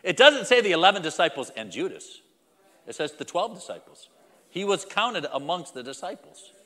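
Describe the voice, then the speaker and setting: Man, pastor mid-sermon: lively swinging delivery, bright and forceful, addresses the flock head-on. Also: sits high, moderate pace, big-room sound. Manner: emphatic, repetitive preaching with direct address.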